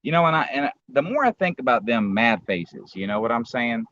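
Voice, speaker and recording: A man's voice: mid-range voice, very animated, fairly quick, fairly bright tone. A man talking angrily in a casual livestream chat, profane and rambling, often restarting his sentences. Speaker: livestream co-host. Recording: dull lo-fi audio with faint background noise.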